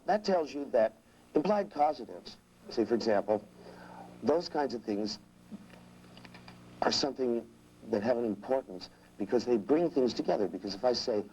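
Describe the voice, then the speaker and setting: A man's voice: medium pitch, expressive, normal speed, long pauses, warm tone, lo-fi sound, a little hiss or hum. A man teaching a live seminar, rambling and restarting sentences, with irreverent jokes and asides. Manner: acts out voices in quotes. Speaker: seminar trainer.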